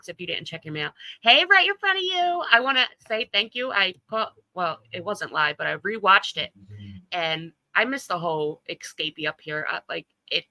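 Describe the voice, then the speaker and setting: A woman's voice: fairly low pitch, sharp tone, dry recording, rough recording. A woman hosting a casual livestream chat, talking loosely, laughing often and swearing freely. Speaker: livestream host.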